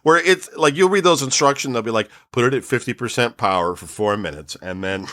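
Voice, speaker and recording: A man's voice: medium pitch, a little fast, pushed and bright. A man co-hosting a podcast in casual chat, rambling and swearing freely. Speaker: podcast co-host.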